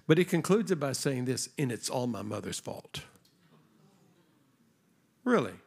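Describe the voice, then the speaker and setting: Male preacher, conversational storyteller, gravelly tone, mid-range voice. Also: medium pitch, sing-song, unhurried, darkish tone. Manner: conversational, acts out dialogue in his stories. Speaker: guest preacher. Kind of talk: sermon with storytelling. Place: church stage before a congregation.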